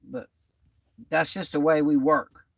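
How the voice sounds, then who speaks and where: A man's voice: a little high, level tone, slow pace, vocal fry, no echo. A middle-aged man, hosting his channel and telling rambling, slangy stories in casual talk. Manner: loose, rambling storytelling in Southern-style slang. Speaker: channel host.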